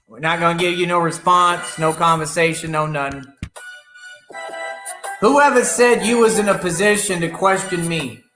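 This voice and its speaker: A man's voice: sits high, moderate pace, pushed and bright, roomy sound, soft background music. A man hosting an online radio show, ranting in a defiant, boastful and profane way at his critics. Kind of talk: ranting live-stream monologue.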